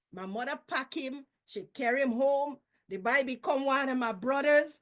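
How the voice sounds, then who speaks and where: A Guyanese woman with a high voice tells family tales in a lively, homely manner. Her Creole turns of phrase run all through her speech. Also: normal speed, hardly any pauses. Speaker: storyteller. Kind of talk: casual storytelling.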